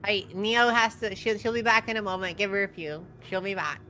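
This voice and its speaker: A woman's voice: mid-range voice, brisk, pushed and bright, soft background music. A woman co-streaming a game, casually chatting and mock-scolding the chat with playful swearing. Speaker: co-op streaming guest.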